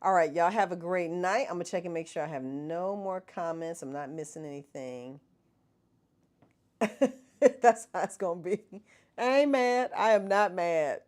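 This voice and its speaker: A woman's voice: lowish voice, moderate pace, darkish tone. A middle-aged woman, chatting casually with viewers as the host of a livestream. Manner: chatty, laughs often, talks to viewers as y'all.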